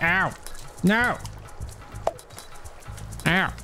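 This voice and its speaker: A man with a medium, darkish voice speaks a little slowly over soft background music while playing a video game. In this let's play, he carries on chatty self-talk, speaks to the creatures on screen, and laughs a lot.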